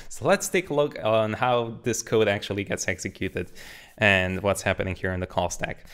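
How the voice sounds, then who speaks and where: A man's voice: fairly low pitch, fairly bright tone. A young man in his twenties giving a casual, joking coding tutorial, talking through his code as he types. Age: 20s. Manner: upbeat, joking, explains while typing. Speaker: programming tutor. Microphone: studio condenser mic.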